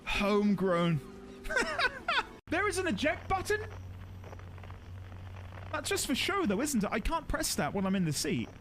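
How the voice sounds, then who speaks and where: A man streaming a video game, chatting excitably with his viewers and laughing often. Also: extremely high pitch, moderate pace, long pauses, noisy background. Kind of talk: casual live-stream commentary.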